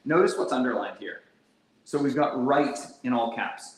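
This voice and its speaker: A man running a casual sales training session, energetic and quick to demonstrate phone scripts in an exaggerated tone. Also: mid-range voice. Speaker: real estate sales trainer. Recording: echoey room, faint background hum.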